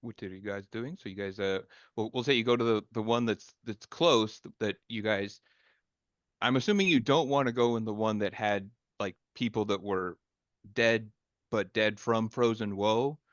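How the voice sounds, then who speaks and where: A man's voice: fairly low pitch, moderate pace, no echo, dull audio. A man narrating as game master in a loose, conversational way, restarting his sentences often.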